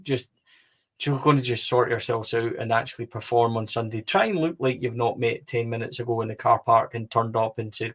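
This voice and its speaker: Scottish man, mid-pitched, rambling podcast co-host. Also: fairly bright tone. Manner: chatty, rambling, many fillers. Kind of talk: casual football podcast chat.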